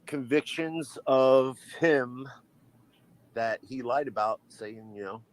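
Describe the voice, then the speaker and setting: A man's voice: medium pitch, takes it slowly, a little hiss or hum, rough recording. A man chatting as a livestream guest, talking loosely with lots of "you know". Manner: rambling, leans on fillers like "you know". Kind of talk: casual livestream chat.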